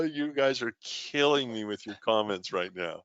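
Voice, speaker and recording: A man's voice: fairly low pitch, expressive, measured pace, few pauses, fairly bright tone, smooth, dry recording, highs cut off. A man hosting a live trading show, reading out viewer comments and telling stories in a chatty way. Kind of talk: live-streamed trading talk.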